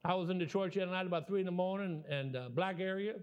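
A man's voice: high voice, fast talker, smooth. Folksy Southern preacher in his sixties. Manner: folksy, animated storytelling with rambling restarts. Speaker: guest preacher. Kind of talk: sermon.

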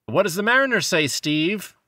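A man's voice: sits high, animated, normal speed, pushed and bright, no room sound, clean studio sound. A man co-hosting a movie podcast, talking casually and sarcastically and acting out quotes in mocking voices. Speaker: podcast co-host. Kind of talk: casual movie review chat.

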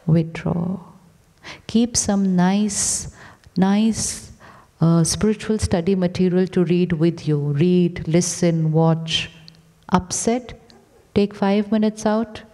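Woman giving a spiritual talk on stage, short repeated commands, warm low voice, echo of a big hall. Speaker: spiritual teacher. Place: large theatre. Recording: long theatre reverb.

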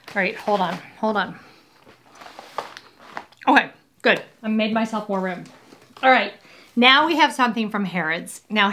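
A woman's voice: mid-range voice, fairly bright tone. A woman hosting a casual unboxing video, talking in a cheerful, rambling way and joking about herself. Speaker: vlogger host.

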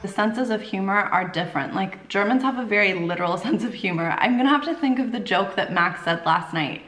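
A woman's voice: mid-range voice, animated, fairly quick, a bit bright. A young American woman chatting to camera as a vlogger, emphatic and fond of repeating words for effect. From United States. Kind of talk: casual chat to camera. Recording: echoey room.

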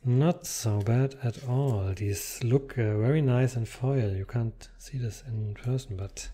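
A man's voice: mid-range voice, slow pace, hardly any pauses, dark tone, breathy edge. A man casually commenting while unboxing trading cards, reading card text aloud between muttered asides.

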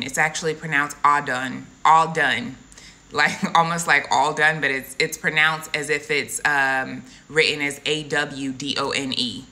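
A woman's voice: sits low, bright, forceful tone. A woman giving an earnest, casual devotional testimony and addressing her listeners as guys. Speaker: Christian content creator.

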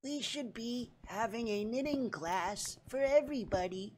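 A man voicing a sweet old grandmother who slowly announces odd law proposals in a soft, breathy voice. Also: very high-pitched, lively intonation, a little hiss or hum, voice pushed up. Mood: prim.

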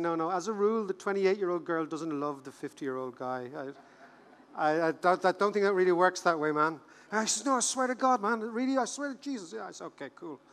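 Irish male keynote speaker, 50s, higher-pitched and joking, in a reverberant hall. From Ireland. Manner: animated, joking storyteller who repeats words for effect. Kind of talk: conference keynote speech.

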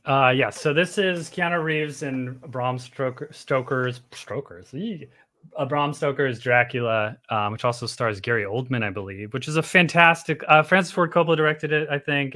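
A man's voice: medium pitch, bright, forceful tone. A man in his thirties arguing casually in a comedy debate stream, rambling with many fillers.

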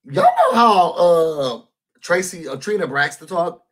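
A man hosting a casual recap of a reality show, talking to viewers in a sassy, animated, chatty way and calling them y'all. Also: high-pitched, measured pace. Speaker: YouTube host reviewing a reality show.

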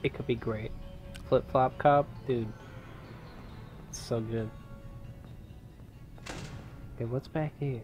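A young man giving casual, rambling gameplay commentary, excitable and swearing now and then. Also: medium pitch, slow pace, pauses often, faint music behind. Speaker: gaming YouTuber.

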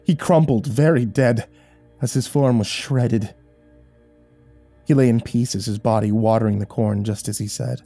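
A man tells a horror tale in first person, his voice dark and mellow. The delivery is measured and dramatic, close and dry with no room sound. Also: medium pitch, steady tone, no room sound, soft background music. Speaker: horror story narrator.

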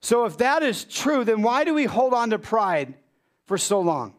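A male pastor preaching a sermon in an animated way, with rhetorical questions and sudden drops into low, quiet emphasis. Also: measured pace.

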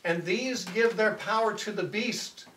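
This Bible lecture comes from a man with a high-pitched, fairly bright voice who speaks a little slowly. He tells a scripture story conversationally, correcting himself as he goes, and the recording is echoey, distant and faintly noisy.

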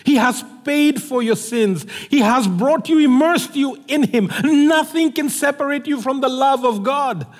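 A man preaching a sermon as pastor, animated and storytelling, acting out both sides of a conversation in a church sanctuary. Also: very high voice, measured pace, hardly any pauses. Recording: long hall reverb.

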